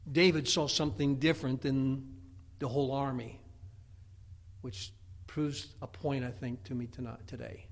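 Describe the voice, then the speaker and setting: At a moderate pace, a man delivers a sermon full of Bible stories, animatedly acting out voices. He moves between loud peaks and hushed low tones.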